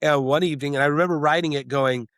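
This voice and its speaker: A middle-aged man, a screenwriter and director, talking in an interview in an animated, rambling way with many restarts. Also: on the high side, quick pace, no room sound, clean studio sound. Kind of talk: interview conversation.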